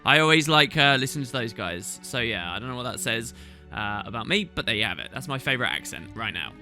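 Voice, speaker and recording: A man's voice: mid-range voice, lively intonation, a little fast, sharp tone, faint music behind. A man hosting a gaming channel, answering viewer questions in a chatty, rambling way as he thinks aloud. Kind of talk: casual Q&A chat.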